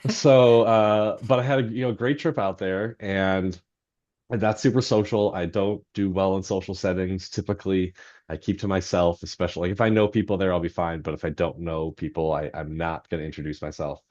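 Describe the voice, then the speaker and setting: Male interview guest, lowish voice, rambling and self-deprecating, many fillers, muffled lo-fi sound. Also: steady tone, normal speed, darkish tone. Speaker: novelist guest. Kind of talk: anecdotal storytelling in podcast interview.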